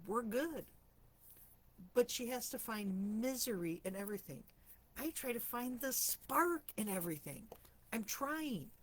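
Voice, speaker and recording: A woman talks in a loose, chatty way, winding through everyday stories as she hosts a live chat. Her voice sits a touch high and sounds slightly rusty, with frequent throat clearing between thoughts. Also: lively intonation, unhurried. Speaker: host of a live stream for empaths.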